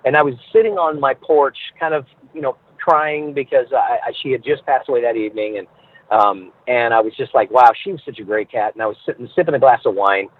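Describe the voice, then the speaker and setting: A man being interviewed as a guest, telling stories with animated, acted-out voices, heard over a phone line. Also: mid-range voice, brisk. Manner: animated storyteller who acts out voices. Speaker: guest entertainer. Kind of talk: podcast interview, storytelling.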